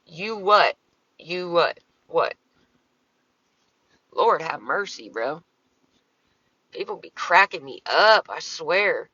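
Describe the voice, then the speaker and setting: A woman's voice: lowish voice, lively intonation, slow, long pauses, pushed and bright, dull audio, a little hiss or hum. A woman talking casually on her livestream, answering comments in a profane, exasperated, rambling way.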